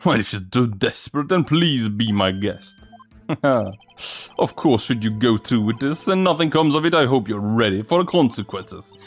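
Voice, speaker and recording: A man's voice: medium pitch, animated, normal speed, faint music behind. A man voicing a haughty older male prosecutor in a courtroom game, speaking in a condescending, mocking way. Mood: smug.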